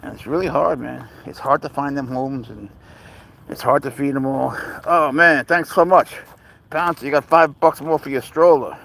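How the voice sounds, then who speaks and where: A man's voice: mid-range voice, steady tone, normal speed, creaky, fairly bright tone, a little hiss or hum, low-quality recording. A man hosting a casual live stream outdoors on a walk with his cat, rambling easily through viewer questions and baby-talking his pet. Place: outdoors on a walk near a road.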